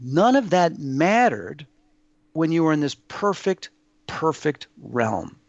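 A man telling a personal story as an interview guest, in an awed, halting way with many restarts. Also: fairly high pitch, big pitch swings, no echo, dull audio.

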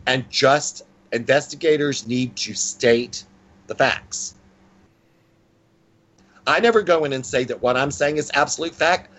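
A man's voice: mid-range voice, measured pace, long pauses, fairly bright tone, dull audio. A man in his sixties, a psychic guest in a casual interview, talking in a blunt, playful and self-mocking way. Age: 60s.

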